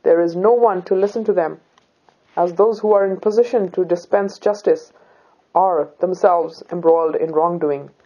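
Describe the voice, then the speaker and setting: A brave young woman, calm and unafraid, who speaks politely but firmly, as a woman reads her. The voice is low, soft-edged and husky, with a dark tone. The recording is slightly dull and lo-fi. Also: normal speed. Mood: resolute.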